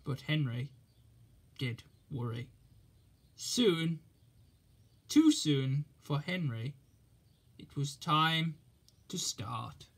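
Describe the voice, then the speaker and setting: Man reading a kids story, slow and gentle, a bit higher voice. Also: sing-song, slightly rough. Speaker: narrator. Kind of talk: storybook narration.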